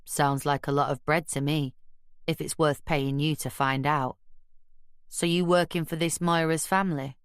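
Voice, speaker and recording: A woman voicing a lanky, wary male pool hustler with a Caribbean accent and a slow, laconic, streetwise manner. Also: low voice, fairly even intonation, smooth, no echo, studio quality, natural voice. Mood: guarded, laconic.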